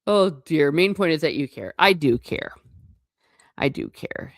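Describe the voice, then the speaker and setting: A woman's voice: deep voice, expressive, measured pace, no room sound, clean studio sound. A woman who used to teach, hosting a casual livestream, chatting loosely, laughing often and reading out viewer comments. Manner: chatty and rambling, laughing often, self-correcting. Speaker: livestream host; former teacher.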